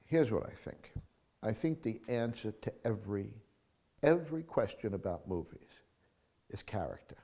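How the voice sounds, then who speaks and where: A man, a screenwriter, answering interview questions in an emphatic, animated storytelling manner. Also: fairly low pitch, normal speed.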